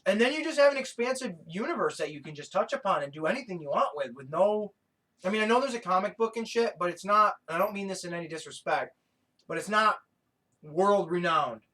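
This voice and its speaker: A man co-hosting a podcast in casual chat, excitable and profane, often breaking into laughter. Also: sits high, fast. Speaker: podcast co-host.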